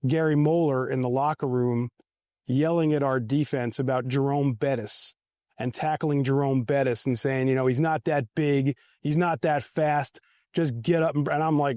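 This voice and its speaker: A man reminisces about his days as a team equipment manager, wandering through anecdotes with restarts and chuckles at himself. His voice sits at a middle pitch. The sound is dry and close. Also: fairly even intonation, moderate pace, a little mellow, no echo. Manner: rambling, self-amused anecdotes with restarts. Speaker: former football equipment manager. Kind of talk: casual storytelling interview. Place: outdoors at a golf event.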